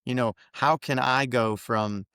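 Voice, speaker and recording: A man's voice: mid-range voice, steady tone, measured pace, fairly bright tone, clear, resonant tone, studio quality. Veteran man guest, frank and swearing, clean resonant tone, no room echo. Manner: blunt, swears freely. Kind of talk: candid podcast conversation.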